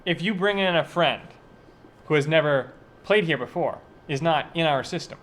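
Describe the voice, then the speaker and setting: A man's voice: a little high, normal speed, fairly bright tone. A man co-hosting a casual podcast, joking and self-deprecating as he explains a promotion. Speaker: podcast co-host.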